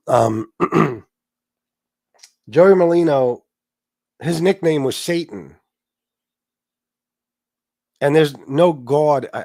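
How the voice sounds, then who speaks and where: With a medium-pitched, darkish voice, the stuffy-nosed host runs a laid-back livestream, wandering from topic to topic, swearing, and voicing viewers' chat comments. It's a dry, studio-quality recording.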